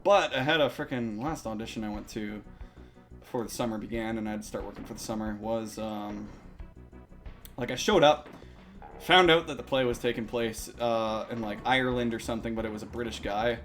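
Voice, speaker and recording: A man's voice: mid-range voice, a little fast, fairly bright tone, faint music behind. A young man chatting casually while playing a game on a live stream, rambling and swearing often.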